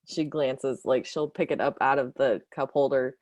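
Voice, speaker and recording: A woman with a notably low voice plays a tabletop horror game, talking through her character in a loose, rambling way, full of fillers. The sound is dry and close. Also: steady tone, normal speed, darkish tone, dry recording. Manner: rambling, filler-heavy, casual. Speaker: player. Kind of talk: tabletop role-play, describing her character.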